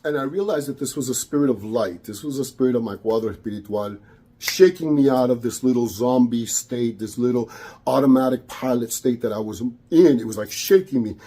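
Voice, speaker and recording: A man's voice: mid-range voice, lively intonation, normal speed, mellow, a little hiss or hum. A man, a spiritual practitioner telling a personal story, hesitant and repeating words, with Spanish phrases mixed in. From Caribbean.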